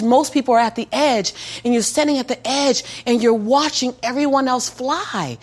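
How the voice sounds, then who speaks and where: A woman's voice: sits high, normal speed, few pauses. A woman being interviewed, telling a personal story with an emphatic, preacher-like cadence and frequent laughter. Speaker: interview guest. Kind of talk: conversational storytelling.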